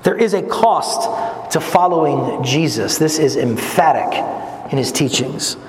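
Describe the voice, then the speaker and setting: A man preaching a sermon, earnest and emphatic, swinging from strong peaks down to low, quiet lines. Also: lively intonation, measured pace. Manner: gestures while speaking. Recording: echoey hall with long reverb, faint noise.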